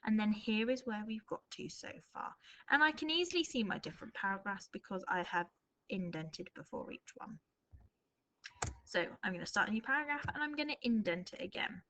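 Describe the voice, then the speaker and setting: Woman, primary teacher, mid pitch, talks through her drafting and reads examples slowly with expression. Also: lively intonation, sharp tone, a little hiss or hum, low-quality recording. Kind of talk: recorded remote writing lesson.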